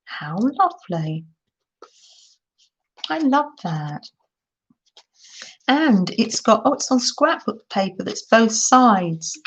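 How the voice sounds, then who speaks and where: Slow-talking chatty older woman. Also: on the high side, animated. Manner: gushing, chatty, talks to viewers in the chat. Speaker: crafting livestream host. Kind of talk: casual livestream chat. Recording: dull lo-fi sound.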